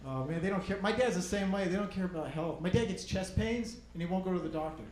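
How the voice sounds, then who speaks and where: High-voiced male stand-up comedian. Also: fast. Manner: storytelling, acting out scenes. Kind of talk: stand-up routine. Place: comedy stage. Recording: roomy club recording, loud noise.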